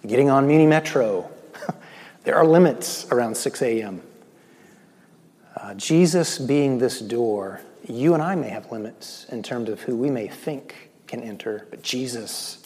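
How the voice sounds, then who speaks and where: A male pastor giving a sermon, swinging between loud emphatic lines and slow, hushed, near-whispered ones. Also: medium pitch, slightly rough. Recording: long echo of a large hall.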